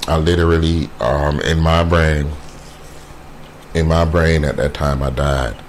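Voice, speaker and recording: A man with a very deep voice tells a personal story slowly, often stopping to restart his words. His talk is casual and unscripted, full of fillers. A faint hiss sits under the recording. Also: fairly even intonation. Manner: halting, many fillers and repeated words; quotes others in a brisk voice.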